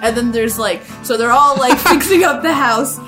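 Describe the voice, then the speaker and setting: A woman's voice: high-pitched, moderate pace, a bit bright, faint music behind. An Irish woman co-hosting a podcast, casually recapping a movie in a rambling, profane, laughing way. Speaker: podcast co-host.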